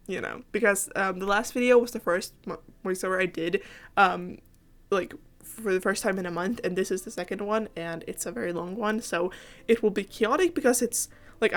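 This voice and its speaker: A tired, sick teenage girl from Finland, rambling and giggling through a casual game voiceover and apologizing often. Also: medium pitch. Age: late teens. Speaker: gaming YouTuber.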